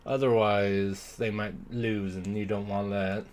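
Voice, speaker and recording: A man's voice: on the low side, flat delivery, unhurried, a little mellow. A man streaming a video game, talking casually in a rambling way that keeps breaking off and restarting, and sometimes reading the game's lines in playful accents. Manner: rambling, self-interrupting, trails off mid-thought; reads game dialogue aloud in playful put-on accents.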